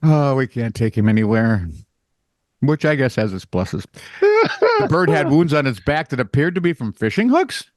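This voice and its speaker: A man's voice: mid-range voice, huge pitch swings, moderate pace, no echo, clean studio sound. A man co-hosting a comedic news podcast, reading stories and cracking teasing jokes in casual banter. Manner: wisecracking, teasing. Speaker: podcast co-host, news reader.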